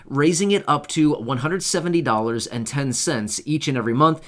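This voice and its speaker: A man talks straight to his viewers in a loose, chatty way. His pitch sits in the middle of the male range. He keeps asking "right?" and scatters fillers through his sentences as he goes. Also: fairly bright tone. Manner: chatty and informal, many fillers and asides, checks in with "right?". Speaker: YouTube host covering benefits news. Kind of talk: casual talk to camera.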